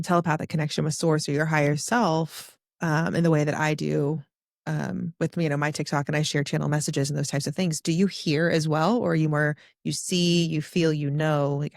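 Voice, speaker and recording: A woman's voice: sits low, dry recording, studio quality. A woman podcast host speaking in flowing, enthusiastic run-on sentences in a casual interview.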